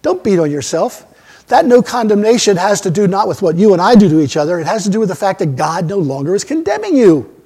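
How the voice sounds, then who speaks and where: A man preaching a sermon as a pastor, emphatic, swinging between loud outbursts and quiet asides. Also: high-pitched, sing-song, fast talker, slightly rough. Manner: emphatic preaching with sudden loud rises and soft drops.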